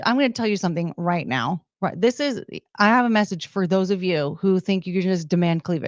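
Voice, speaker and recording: A woman's voice: on the low side, expressive, brisk, hardly any pauses, dry recording, muffled recording. A young woman hosting a livestream, casually chatting and playfully reading out super chats. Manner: playful, reads out super chats with beeping sounds. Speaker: livestream host.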